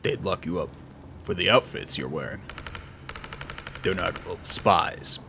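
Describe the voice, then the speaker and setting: A man reading game dialogue aloud, voicing a grim, blunt woman resistance contact in a super deep put-on voice, slow and heavy. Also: gravelly, background noise. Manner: slow, heavy, deliberate delivery.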